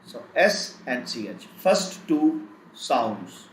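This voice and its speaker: A man teaching a live online German lesson, speaking slowly and repeating each word several times. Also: mid-range voice, sing-song. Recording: echoey room, faint background noise.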